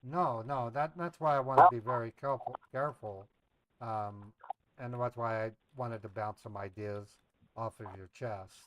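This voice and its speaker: A man with a medium-pitched voice talks at a moderate pace over a noisy background. He hosts a live scambaiting stream, chatting casually and playfully with viewers while pretending to be eagerly excited as he plays along with a scammer on the phone.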